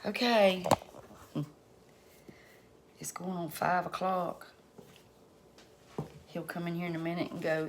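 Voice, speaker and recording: A middle-aged woman talks her viewers through a recipe in her home kitchen, calling them y'all in a relaxed, folksy way. Her voice sits a bit low and she speaks slowly. There is clear background noise in the recording. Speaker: home cooking channel host. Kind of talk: casual cooking vlog chat.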